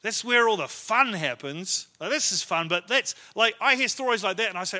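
A male pastor preaches in a church, his voice high for a man and very bright. He tells stories in a loose, conversational way, poking fun at himself as he goes. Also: lively intonation, fairly quick, hardly any pauses. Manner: storytelling, conversational and self-deprecating. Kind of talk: sermon.

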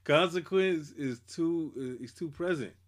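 A man's voice: a little high, a little slow. A man co-hosting a podcast, chatting casually about hip hop, swearing and trailing off into mumbles. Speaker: podcast co-host.

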